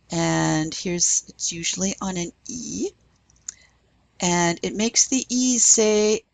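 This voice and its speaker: A woman's voice: on the low side, slow pace, vocal fry, no room sound. A woman professor giving a French language lesson, patiently spelling out letters and drilling pronunciation.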